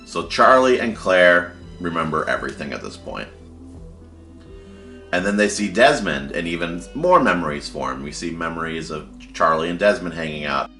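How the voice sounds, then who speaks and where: A man's voice: low voice, animated, moderate pace, bright, forceful tone, reverberant, faint music behind. A man casually retelling a story he wrote, with fillers like "like" and "kinda". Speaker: fan storyteller.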